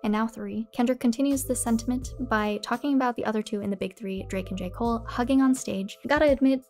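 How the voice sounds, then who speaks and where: A woman's voice: fairly high pitch, steady tone, fast, a little mellow. A young woman streaming casually, reading annotations aloud and talking to her chat with frequent laughs. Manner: chatty and candid, laughs often, talks to chat.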